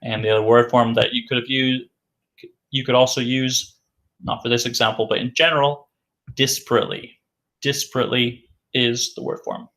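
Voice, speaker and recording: A man teaching an English vocabulary lesson, saying each word slowly and repeating it several times for learners. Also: mid-range voice, flat delivery, a bit bright.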